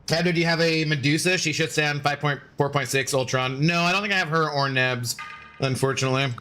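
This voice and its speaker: A man's voice: on the high side, a little fast, sharp tone, slight background noise. A young man streaming a game, chatting casually and jokingly with his viewers as he plays. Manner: chatty, rambling, joking with chat.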